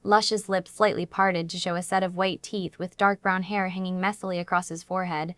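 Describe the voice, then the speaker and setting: A woman's voice: lowish voice, level tone, a little fast, a bit bright, dry recording. Woman narrating a dramatic story, dry sound. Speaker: audiobook narrator. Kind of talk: dramatic first-person story reading.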